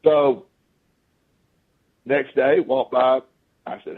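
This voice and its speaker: Gravelly man over a tinny line. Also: medium pitch, normal speed. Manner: animated storyteller who acts out quoted speech. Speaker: podcast guest. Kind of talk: casual anecdotal storytelling.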